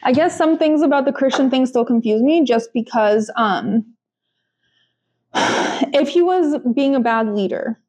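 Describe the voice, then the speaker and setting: A woman's voice: sits high, measured pace, pauses often, a little mellow. A young woman co-hosting a podcast, talking casually with lots of fillers and restarts. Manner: chatty, frequent fillers and restarts. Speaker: podcast co-host. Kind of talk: casual chat.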